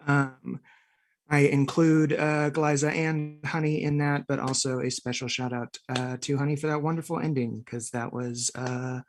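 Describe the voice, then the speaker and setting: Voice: mid-range voice, level tone, moderate pace, soft background music. A tabletop game player giving casual closing thanks on a live stream, in a loose, rambling way with many ums and uhs.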